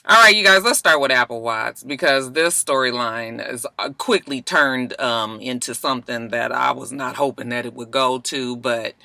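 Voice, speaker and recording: A woman's voice: very deep voice, normal speed, creaky, few pauses, pushed and bright, dry recording. A woman vlogger giving a casual, sassy, blunt review of a reality show as a YouTube reviewer, swearing freely.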